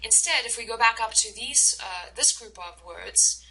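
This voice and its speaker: A woman instructor giving a recorded lecture over slides, explaining slowly and carefully with many fillers and restarts. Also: a little high, expressive, bright, forceful tone, low-quality recording.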